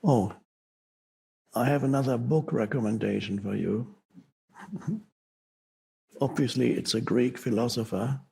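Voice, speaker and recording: A man giving an unscripted spiritual talk to an audience, slow and reflective, with pauses and self-corrections. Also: mid-range voice, vocal fry, darkish tone, husky. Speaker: spiritual teacher.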